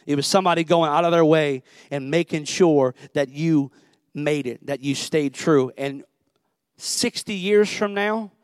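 A man's voice: on the high side, unhurried, clear, resonant tone, no echo. A young man, a pastor telling a personal story in a conversational sermon. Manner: conversational storytelling, Southern phrasing.

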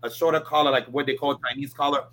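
A man's voice: medium pitch, fairly even intonation, fast talker, fairly bright tone. A man from Ghana chatting as an interview guest, emphatic and frank, often tagging on "right?". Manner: emphatic, keeps adding "right?". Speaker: guest, designer and event planner. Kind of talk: casual interview chat.

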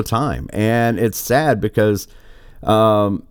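A man's voice: on the low side, slow, a little mellow, no room sound, clean studio sound. A man giving casual political commentary, rambling and exasperated, with a sarcastic edge. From United States.

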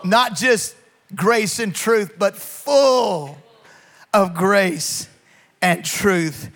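A man preaching as a pastor, swinging from slow, drawn-out emphasis to sudden shouts and calling on the congregation to respond. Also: high-pitched. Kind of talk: sermon.

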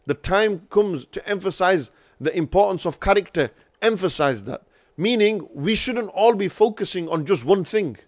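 Male podcast host, fairly high voice, dry close sound, earnest advisory talk. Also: animated, normal speed, no echo. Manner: earnest, advisory, many restarts. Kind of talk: casual podcast discussion.

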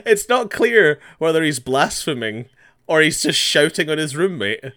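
A man's voice: fairly high pitch, moderate pace, dry recording, studio quality. A man in casual chat, laughing often and chiming in as he retells a show. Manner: lively, laughs often, chimes in with agreement.

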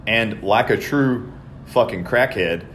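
A man, chatting casually on a podcast and telling stories in a profane, animated way. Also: on the low side, slow, slight background noise. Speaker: podcast co-host. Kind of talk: casual chat.

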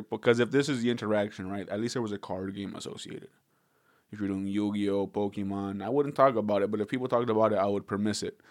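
A man's voice: fairly low pitch, a little mellow, no room sound, clean studio sound. A man hosting a podcast in casual chat, rambling and profane, laughing often between thoughts. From Southern California.

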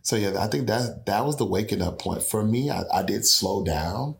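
A man's voice: fairly low pitch, animated, normal speed, gravelly. A young man from Houston, earnestly telling his personal story as an interview guest. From Houston, Texas. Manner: earnest, with frequent restarts and quoted dialogue.

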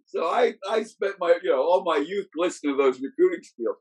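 This middle-aged man's voice is husky, a touch breathy, and on the higher side as he talks fairly quickly in a laid-back chat. Reminiscing like a football coach, he rambles, often stopping and starting over and leaning on "you know." The recording quality is rough.

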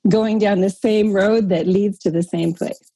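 A woman leading a workshop on a group call coaches casually and encouragingly, often ending points with a questioning "right?". Her mid-range voice is breathy and warm with fairly even intonation and a slightly slow pace. The call audio sounds dry and close, with no room sound.

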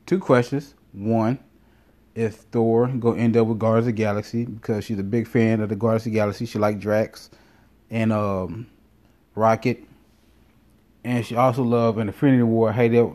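Rambling, mellow-voiced man telling a story. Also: medium pitch. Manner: rambling, profane, self-interrupting. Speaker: vlogger. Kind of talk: casual storytelling monologue.

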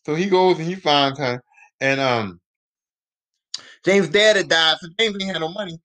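High-pitched male podcast host, casual, cussing recap. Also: normal speed, pauses often, sharp tone. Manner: profane, rambling slang.

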